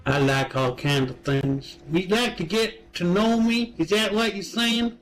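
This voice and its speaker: A man's voice: sits high, measured pace, fairly bright tone, soft background music. A man trolling strangers in online voice chat, mocking and teasing in a sing-song way.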